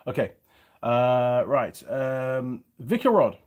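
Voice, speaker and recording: A man's voice: mid-range voice, slow pace, darkish tone, husky. Chatty man with a faded Yorkshire accent. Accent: Yorkshire English, partly faded. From England. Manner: chatty, jokey, reads viewer comments aloud. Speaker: YouTube mechanic channel host. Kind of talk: casual livestream chat, reading comments.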